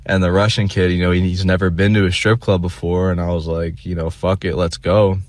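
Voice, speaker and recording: A man's voice: sits low, little pitch movement, fast talker, no room sound. A young man telling a rambling, self-deprecating story in a casual vlog monologue, full of fillers and restarts.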